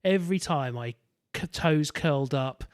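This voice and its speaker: A man's voice: on the high side, moderate pace. A man co-hosting a podcast, chatting candidly and self-deprecatingly about a film. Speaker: podcast co-host. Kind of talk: casual film discussion.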